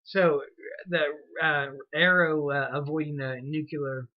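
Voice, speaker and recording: A man with a high voice rambles through a casual podcast chat and laughs often while telling stories. The recording sounds dull and lo-fi. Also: steady tone, a little slow. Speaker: podcast co-host.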